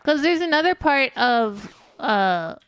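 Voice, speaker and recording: A woman's voice: high voice, sing-song, slow, fairly bright tone, clear, resonant tone, no room sound. A woman streamer chatting casually while gaming, rambling and self-deprecating, often restarting her sentences. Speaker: VTuber streamer. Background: faint background music.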